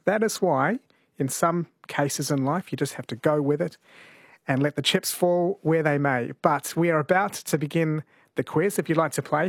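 A man's voice: a little high, no echo, studio quality. A man, hosting a talkback radio quiz and reading out listener texts in an easygoing way. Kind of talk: late-night talkback radio. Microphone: studio microphone.

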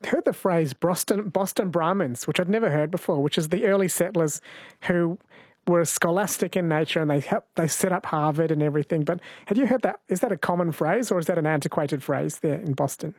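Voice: medium pitch, a little fast, darkish tone, slightly rough, no room sound. A host in a casual conversation, asking curious follow-up questions. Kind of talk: casual radio-style conversation.

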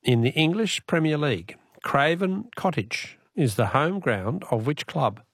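A man's voice: a little high, lively intonation, a little slow, dry recording, clean studio sound. A middle-aged Australian man hosting a call-in radio quiz, jokey and chatty, laughing often.

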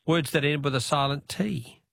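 A man's voice: on the high side, moderate pace, vocal fry, no room sound, studio quality. A man hosting a talkback radio quiz, joking, punning and spelling out answers.

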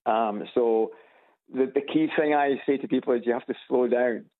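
A man with a Scottish Edinburgh accent, calling in to a radio show on a loudspeaker phone, chatting easily with some hesitant restarts. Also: mid-range voice, normal speed. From Scotland. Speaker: caller. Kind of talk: casual phone chat. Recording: tinny phone line on radio.

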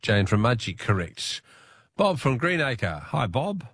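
A man's voice: mid-range voice, big pitch swings, a little slow, a bit bright, husky, dry recording, clean studio sound. A man with an Australian accent hosting a radio quiz, chatting casually and laughing easily with callers. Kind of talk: casual talkback radio chat.

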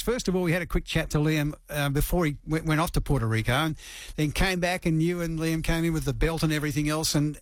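A man's voice: a little high, no echo. An Australian man presenting a news story and interviewing a guest in a polished, friendly way. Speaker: radio presenter.

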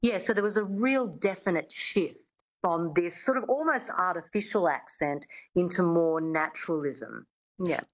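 A woman's voice: fairly low pitch, moderate pace, poor audio. A woman, talking as a coach and guest on a radio show, explaining with easy fillers. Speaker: accent coach.

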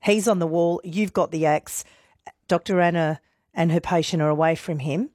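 A woman hosting a radio interview, gently reassuring her guest and recapping events for listeners. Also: fairly low pitch, steady tone, normal speed, no echo, studio quality. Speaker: radio host.

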